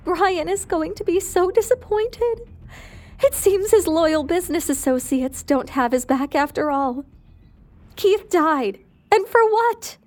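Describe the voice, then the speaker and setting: A heartbroken young widow cries out in a thin, rising voice, as a woman narrator acts her. Her lines climb high with grief in this storybook drama. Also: expressive, slow pace, darkish tone, heavily acted. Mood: distraught. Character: distraught grieving young widow.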